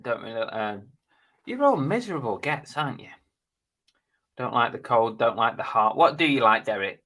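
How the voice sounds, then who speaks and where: Bright-voiced chatty man. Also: medium pitch, moderate pace. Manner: chatty, blunt, jokey, swears casually. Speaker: live stream host. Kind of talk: casual live stream chat reading viewer comments.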